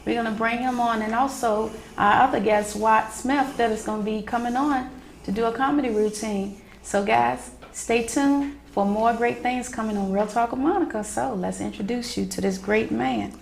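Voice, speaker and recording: A woman's voice: fairly high pitch, moderate pace, gravelly, a little hiss or hum. A woman hosting her own talk show, introducing guests with upbeat announcer energy and replying to them with short "mm-hmm"s.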